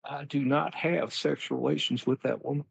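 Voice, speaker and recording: A man's voice: mid-range voice, steady tone, normal speed, gravelly, breathy edge, no echo, voice pushed up. A man putting on an impression of a folksy former president in his seventies, mock-earnest with a drawl. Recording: dull lo-fi line.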